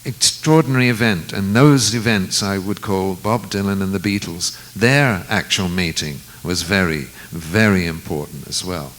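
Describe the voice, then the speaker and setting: A low-pitched man recounts a memory at an easy, reflective pace. He slips into the voices of the people in his story now and then, with a faint hiss under the recording. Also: fairly bright tone, poor audio. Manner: unhurried, reflective storyteller who acts out quoted lines. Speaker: guest musician. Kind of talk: storytelling anecdote in conversation.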